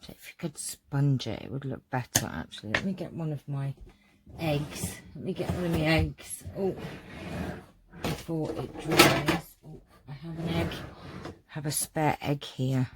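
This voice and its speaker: A woman's voice: sits low, a little slow, very noisy. A woman chatting in a gushing, rambling way while giving a casual craft tutorial at home. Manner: warm-hearted, gushing, rambling. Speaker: crafting vlogger.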